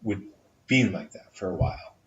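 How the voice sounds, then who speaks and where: A man's voice: deep voice, animated, moderate pace. A man in a casual podcast chat, giving frank, candid advice to a friend and swearing freely. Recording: roomy, distant, dull lo-fi audio.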